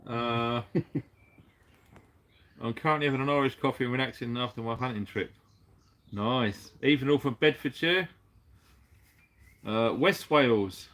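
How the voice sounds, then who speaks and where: A man's voice: mid-range voice, measured pace, long pauses, fairly bright tone. A man from the UK hosting a casual livestream, chatty and jokey, laughing often and using casual slang. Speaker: livestream host.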